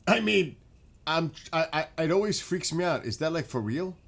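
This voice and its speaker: A man hosting a casual livestream, chatting with viewers by name and getting excited as he asks them questions. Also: on the high side, normal speed, gravelly. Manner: chatty, talks to chat by name, gets excited and laughs. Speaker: livestream host.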